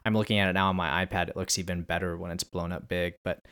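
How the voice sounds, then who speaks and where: A man with a very low voice co-hosting a casual podcast about games. He talks loosely, trails off and fills the gaps with ums and you-knows. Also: level tone, quick pace, fairly bright tone, clear, resonant tone. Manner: loose and rambling, with lots of fillers. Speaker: podcast co-host. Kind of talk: casual chat about a video game.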